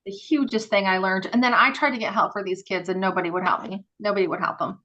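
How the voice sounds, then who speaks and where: A woman guest on a podcast, telling stories in a casual, animated way with many fillers and acted-out dialogue. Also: medium pitch, fast, muffled recording. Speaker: podcast guest, former group home worker. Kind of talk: casual interview storytelling.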